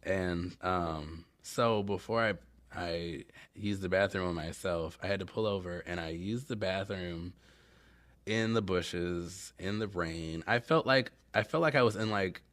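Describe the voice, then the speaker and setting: A man hosting his own solo podcast chats casually, rambling through candid, self-mocking stories. His voice is low and fairly bright, and he speaks a little slowly.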